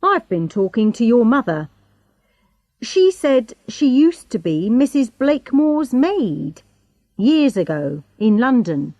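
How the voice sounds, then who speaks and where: A woman's voice: fairly high pitch, very animated, slow, a little mellow, no room sound, pitched above the performer's own voice. A woman voicing a stern male police inspector who questions suspects with pointed tag questions. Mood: probing.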